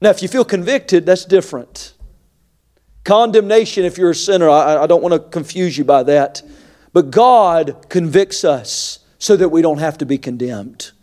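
A middle-aged male pastor preaching a sermon, moving between quiet confiding asides and shouted, climbing exhortation. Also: fairly high pitch, normal speed.

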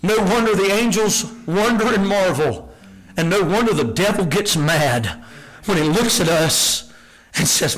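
A male preacher delivering a sermon in a high voice. He reads scripture with passion, climbing to shouted peaks and sinking to a hushed near-whisper. His tone is bright and forceful. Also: animated, measured pace, poor audio. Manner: impassioned, rises to shouted peaks, then drops low and hushed.

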